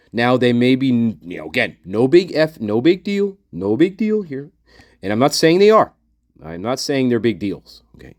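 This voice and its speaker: A man hosting a channel and commenting casually on documents, rambling, repeating himself and addressing his viewers warmly. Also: medium pitch, very animated, moderate pace, dry recording, studio quality. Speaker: channel host.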